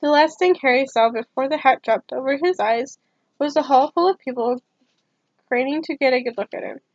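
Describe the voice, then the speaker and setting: A woman's voice: sits high, moderate pace, no room sound, highs cut off. A woman giving an ASMR storybook reading, with casual asides between passages. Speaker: storybook reader.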